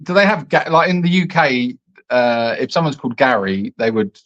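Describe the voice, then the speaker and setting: A man's voice: normal speed, highs cut off. A man co-hosting a live Q&A chat from an animal sanctuary, joking and bantering with his co-host. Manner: jokey, playful banter with lively pitch swings.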